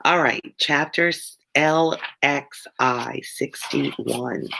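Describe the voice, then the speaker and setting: A tired woman from Michigan with a Southern American accent, an ESL teacher and read-along host, chats casually and rambles to viewers between chapters. Her voice is extremely low, very slow and gravelly, meandering and drawling when she's tired. There's background noise.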